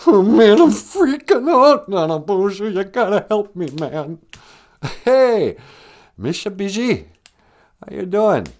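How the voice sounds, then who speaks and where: A man's voice: sits high, big pitch swings, slow pace, darkish tone, voice pushed up, heavily acted. A man voicing a frightened, ancient male cowardly lion who phones in to a comedy show, talking in a frantic, whiny way. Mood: panicked. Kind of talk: comedic call-in skit.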